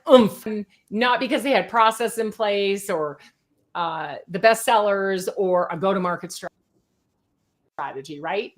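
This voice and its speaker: A middle-aged woman speaking as a podcast guest. Her voice sits a little high, and she talks with quick energy, punching her points and checking in with the listener as she goes. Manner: energetic, talks fast, peppers with "right?". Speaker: sales consultant guest. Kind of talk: podcast interview.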